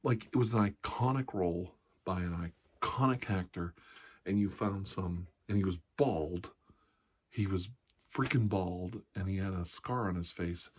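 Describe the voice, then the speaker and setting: A man's voice: sits low, measured pace, husky. A middle-aged man hosting an ASMR channel, rambling casually in a blunt, profane, sarcastic way.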